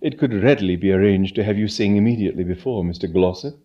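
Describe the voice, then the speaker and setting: A man doing a quiet formal valet. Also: lowish voice, fast talker, lo-fi sound, natural voice. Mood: measured. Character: unflappable, formal, clever male valet.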